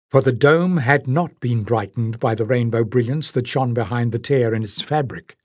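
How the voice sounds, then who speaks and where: A man reading an audiobook in steady, measured scripted narration. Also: mid-range voice, slightly rough, no room sound, clean studio sound.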